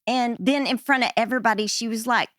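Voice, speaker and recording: A woman's voice: a little high, quick pace, dry recording, studio quality. A woman podcast host telling rambling, self-deprecating stories in a casual conversation. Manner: animated, rambling anecdotes with self-deprecating laughs.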